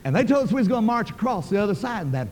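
An older man preaches in a brisk, high-pitched voice. He tells his story in a folksy, emphatic way, and his words ring out in a large, echoing hall. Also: big pitch swings, darkish tone, slight background noise. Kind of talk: sermon storytelling.

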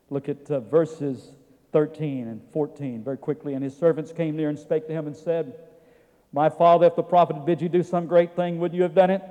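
A pastor preaching a sermon, rising to loud, slow, emphatic lines and dropping back to quiet storytelling. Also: male voice, fairly high pitch, in a large hall.

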